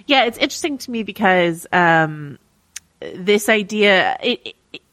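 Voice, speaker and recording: A woman's voice: mid-range voice, expressive, measured pace, a bit bright, dry recording. A woman co-hosting a podcast, talking casually with lots of fillers and restarts. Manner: chatty, many fillers and restarts. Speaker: podcast co-host.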